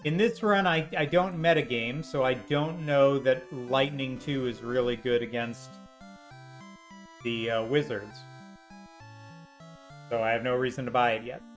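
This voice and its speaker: Slow jokey guy talking over his retro game run, soft game music under it. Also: medium pitch, steady tone. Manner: sarcastic, rambling jokey asides. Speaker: video game streamer. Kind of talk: gameplay commentary. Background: faint game music.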